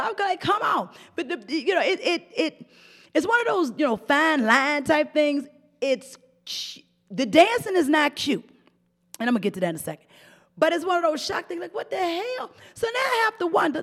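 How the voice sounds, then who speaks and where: A middle-aged woman hosting a profane, animated commentary rant, often mimicking voices and laughing. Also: very high-pitched, big-room sound. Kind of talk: ranting commentary monologue.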